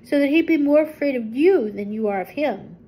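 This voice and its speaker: A woman's voice: high-pitched, lively intonation, brisk, mellow, voice pushed up, poor audio. An older woman voicing a polite, earnest young farm girl in a storybook reading.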